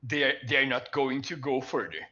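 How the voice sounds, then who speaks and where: A man's voice: mid-range voice, a little fast, pushed and bright, dull audio. A man narrating as dungeon master in a casual tabletop game, laughing often and stumbling over his words. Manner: laughs often, fillers and restarts.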